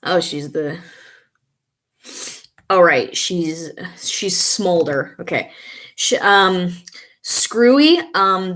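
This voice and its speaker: A young woman vlogs casually, reading comments aloud and responding to them in a loose, rambling way. Her voice sits on the low side with a slight brightness, and she pauses here and there to remember names.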